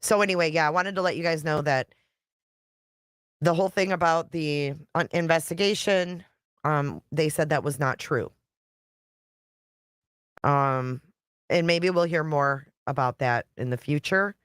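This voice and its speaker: A woman's voice: low voice, unhurried, long pauses, smooth, no room sound, clean studio sound. A woman YouTube creator talking casually on a live stream, chatty and blunt, reading viewer comments and swearing now and then.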